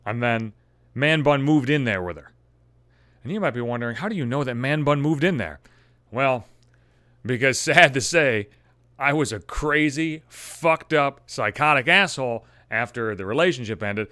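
A man telling a personal story to camera in a profane, animated way, acting out his own thoughts. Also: medium pitch, brisk, no echo. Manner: animated, swearing, acts out his own inner voice. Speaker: vlogger.

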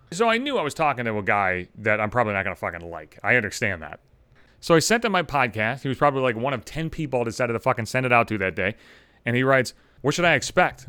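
A man's voice: mid-range voice, fairly bright tone, no echo. A middle-aged man delivering an angry, sarcastic, heavily profane podcast rant. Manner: angry, sarcastic, heavy swearing. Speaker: podcast host. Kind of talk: profane ranting monologue.

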